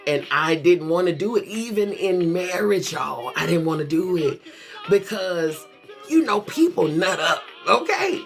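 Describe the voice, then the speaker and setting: A middle-aged woman hosts a casual livestream and talks straight to her viewers in a lively, sassy voice. She tells stories with lots of laughter, and faint music plays behind her. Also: lowish voice. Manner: animated, sassy storytelling with frequent laughs; talks straight to viewers with endearments like honey and child. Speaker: therapist hosting a live show.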